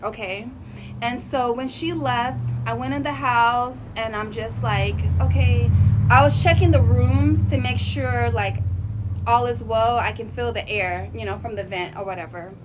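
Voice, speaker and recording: A fairly high-voiced woman chats to her viewers as she tells a spooky story from home. Her talk is animated and loose, with frequent laughs and drawn-out words. A faint room hum sits under her voice. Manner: chatty, animated, laughs often, drawls words. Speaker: vlogger. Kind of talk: casual storytelling to camera.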